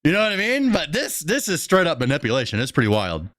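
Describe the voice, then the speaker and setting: A man's voice: fairly high pitch, wildly swooping pitch, quick pace, fairly bright tone. A man hosting a reaction stream, giving blunt, profane running commentary.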